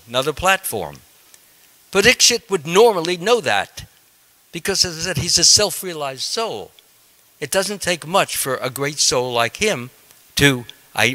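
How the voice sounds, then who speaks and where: A man, a monk, telling a scripture story in a class, halting with frequent ums and restarts. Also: medium pitch, pushed and bright.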